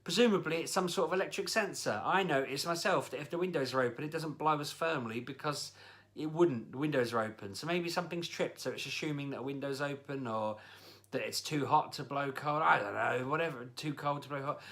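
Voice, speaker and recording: A man ranting in a casual vlog, his voice bright and cutting. He talks like someone fed up and grumbling, piling one complaint onto the next as he tells his story. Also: a little high, fairly quick. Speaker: vlogger. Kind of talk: casual spoken rant.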